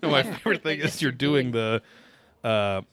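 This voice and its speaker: A man's voice: mid-range voice, expressive, normal speed, a bit bright, dry recording. Joking male podcast co-host. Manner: joking, crude, laughs often. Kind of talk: casual comedic chat.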